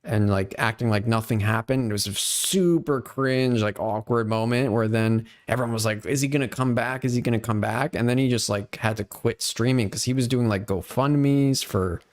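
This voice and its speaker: A man talks loosely on a livestream, relaxed and chatty as he tells a story. His voice stays at a plain middle pitch. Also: moderate pace, few pauses. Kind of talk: casual chat on a live stream.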